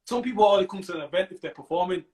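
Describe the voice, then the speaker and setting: Quick-talking Mancunian host. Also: male voice, sits high, animated, darkish tone. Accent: Manchester. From Manchester. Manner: short back-channel agreement, brief questions. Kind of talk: casual interview chat.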